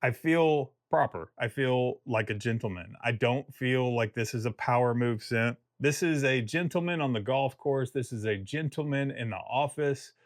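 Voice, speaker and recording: A man's voice: medium pitch, moderate pace, hardly any pauses, no room sound, clean studio sound. A man giving a casual video review of a fragrance, rambling and joking and often breaking off mid-thought. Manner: rambling, self-interrupting, jokey.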